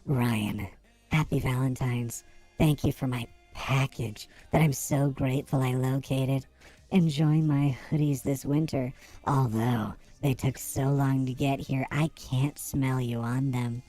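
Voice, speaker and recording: A man doing a sultry woman's voice through a voice-changing effect, reading a flirty love note slowly and breathily. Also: mid-range voice, fairly even intonation, dark tone, faint music behind. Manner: slow, drawn-out sultry delivery. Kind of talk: comic dramatic reading.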